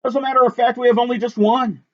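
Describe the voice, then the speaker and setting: A friendly storybook gatekeeper greets in a high, sing-song voice, as a man reading aloud puts him on. The recording is dull and lo-fi. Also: fairly even intonation, quick pace. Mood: welcoming. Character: friendly male gatekeeper of a sunny city.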